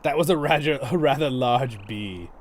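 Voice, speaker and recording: A man's voice: mid-range voice, animated, moderate pace. A man hosting a livestream, chatting casually and rambling as he plays, laughing often. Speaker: livestream host and guide. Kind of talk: casual gameplay commentary.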